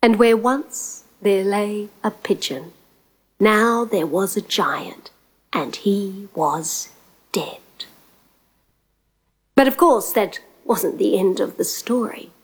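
A woman telling a fairy tale aloud, expressive, dropping to whispers at tense moments and breaking into song. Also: medium pitch, husky. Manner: slow, expressive, drops to whispers and sings. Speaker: storyteller. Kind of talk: oral storytelling.

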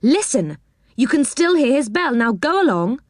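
A woman's voice: high-pitched, big pitch swings, moderate pace, no echo, studio quality, pitched above the performer's own voice. A woman voicing Joe, an earnest boy who takes charge, in a storybook reading. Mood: firm. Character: bossy eager boy Joe.

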